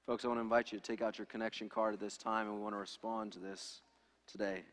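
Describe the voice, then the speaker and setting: A man's voice: fairly low pitch, flat delivery, quick pace, a bit bright. A pastor in his thirties preaching an earnest, emphatic sermon with lots of repetition. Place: church sanctuary. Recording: reverberant hall.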